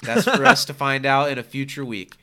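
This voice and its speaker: A man's voice: medium pitch, very animated, fairly quick, sharp tone. A man co-hosting a podcast in casual chat, joking and reading sponsor plugs. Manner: joking, reads patron plugs. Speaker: podcast co-host.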